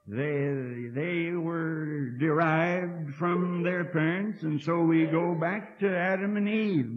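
A man in his sixties preaching a sermon in a college hall, folksy and earnest, with dry asides and words repeated as he thinks. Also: on the high side. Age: 60s. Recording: dull lo-fi archive tape from 1960.

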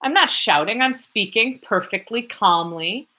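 A woman's voice: medium pitch, expressive, unhurried, sharp tone, voice pushed up. A woman voicing a feverish young male student who talks back defiantly. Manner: defiant, raised voice.

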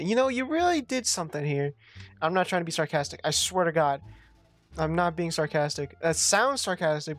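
A gameplay commentator swearing, rambling and talking back to the game, breaking into sudden loud outbursts. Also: mid-range voice. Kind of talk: let's play commentary.

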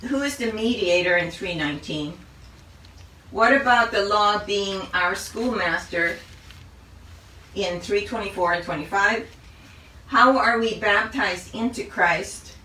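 A woman leading a Bible study lesson, going through the chapter in a measured way and reading out a list of questions. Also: medium pitch, sharp tone, roomy sound, recorded from a distance, a little hiss or hum, low-quality recording. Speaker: Bible teacher.

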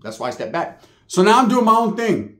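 A man's voice: sits high, sing-song, a little fast, fairly bright tone, echoey room. A middle-aged man telling a long street story, profane and streetwise, peppered with Spanish slang. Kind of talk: casual storytelling monologue.

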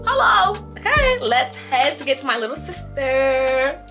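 Young woman vlogger, high lively voice, blunt slangy chat, faint music behind. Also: measured pace. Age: 20s. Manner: animated, outspoken, slangy and blunt. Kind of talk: casual vlog chat. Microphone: compact camera held close.

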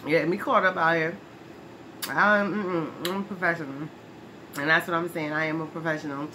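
A woman's voice: low-pitched, steady tone, normal speed, bright, forceful tone. A woman playing a brash, streetwise former brawler who is touchy about her name, in a comedy skit monologue. She talks in slang, laughs often and keeps asking "right?". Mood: chatty. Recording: noisy background hiss.

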